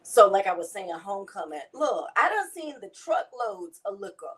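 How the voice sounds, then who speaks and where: A woman's voice: medium pitch, sing-song, normal speed, a bit bright, rough recording. A woman, chatting to viewers as she hosts a casual cooking demonstration. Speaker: cooking show host.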